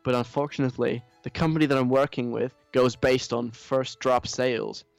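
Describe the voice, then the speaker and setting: A man's voice: medium pitch, fairly even intonation, moderate pace, no echo, faint music behind, natural voice. Man doing a whiny American influencer girl. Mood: self-pitying. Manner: self-pitying, whiny. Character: entitled whiny young female influencer. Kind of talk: mock reading of a social post.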